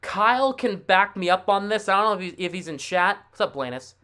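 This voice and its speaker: A man hosting a casual live sports stream, thinking aloud in a chatty, excitable way. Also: high-pitched, brisk, smooth. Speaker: livestream host.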